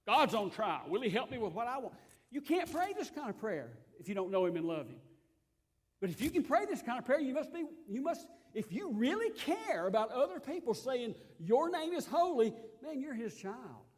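Lively high-pitched male preacher. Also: moderate pace, husky. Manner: emphatic, repeats phrases, swings between quiet and loud. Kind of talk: sermon.

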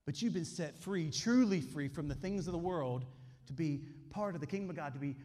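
A man's voice: on the high side, animated, a little fast, dark tone. A man, preaching a sermon with emphatic call-and-response lines. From Alabama, US. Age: 40s. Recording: long hall reverb.

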